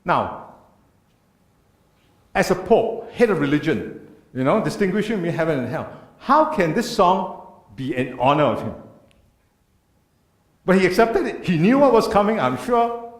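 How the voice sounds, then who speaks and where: Man speaking in a church, fairly high, animated delivery, echoey room, earnest lecturing tone. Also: unhurried, long pauses. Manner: earnest, emphatic lecturing with rhetorical questions. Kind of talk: church talk. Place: church hall.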